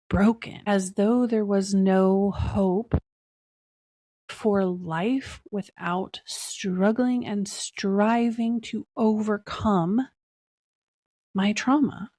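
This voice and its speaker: Slow, earnest woman podcast host. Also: mid-range voice, no room sound, clean studio sound. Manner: earnest, unhurried, with long pauses between phrases; smiling, excited tone. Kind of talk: solo podcast talk.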